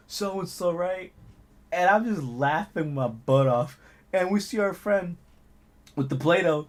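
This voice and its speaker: A man's voice: sits high, expressive, slow pace. A young man casually telling a school anecdote, laughing often and packing in fillers. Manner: loose, laughing, filler-heavy storytelling. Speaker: channel host.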